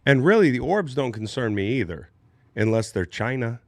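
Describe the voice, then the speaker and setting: A man hosting a casual studio chat, animated and joking, swearing freely. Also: mid-range voice, normal speed, no room sound. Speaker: podcast host.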